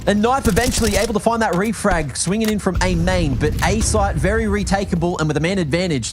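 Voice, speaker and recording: A man from Australia with an Australian accent, calling a match as an energetic play-by-play esports caster. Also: high voice, background noise. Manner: energetic, quick reactions, laughs easily. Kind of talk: play-by-play commentary.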